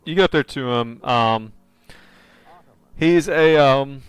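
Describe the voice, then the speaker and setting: Man, game master, casual rambling narration, mid-pitched voice, tabletop horror game. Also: slow, smooth, dry recording. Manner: casual, rambling description with fillers.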